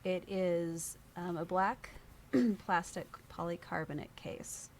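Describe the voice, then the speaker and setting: A woman guest on a podcast, telling a personal story in lively conversation and acting out the voices of people she quotes. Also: lowish voice, takes it slowly, slight background noise.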